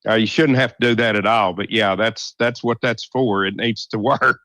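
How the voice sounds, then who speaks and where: A man's voice: lowish voice, steady tone, normal speed, a bit bright, no room sound. A man co-hosting a casual live-stream talk show, making short, dry quips. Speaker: co-host.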